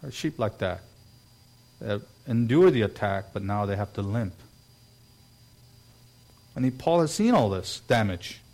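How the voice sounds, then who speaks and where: A man's voice: fairly low pitch, animated, a little slow, pauses often, darkish tone. Earnest male preacher. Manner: earnest preaching, acts out quoted voices. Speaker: pastor. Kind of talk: sermon.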